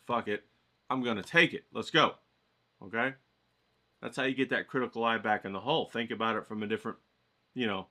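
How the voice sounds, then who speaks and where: Middle-aged man, bright forceful tone, folksy motivational vlogger, swears, hypes up the viewers. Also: mid-range voice. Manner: hyped, folksy, swears freely, talks to viewers directly. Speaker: watercolor vlogger. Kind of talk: casual motivational pep talk to camera.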